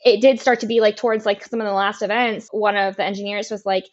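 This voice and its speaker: On a muffled, lo-fi recording, a young female racing driver guesting on a podcast speaks at a quick clip with hardly a pause. Her pitch is medium and her tone steady as she discusses her racing candidly and emotionally, often laughing and cursing without restraint.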